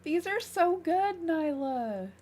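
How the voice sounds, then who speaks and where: A woman chatting casually on a live game stream from her room, soft-spoken and giggly, gushing over cute things. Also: extremely high pitch, sing-song, slow pace. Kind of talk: casual livestream chat while playing. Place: her own room, small fan running beside her.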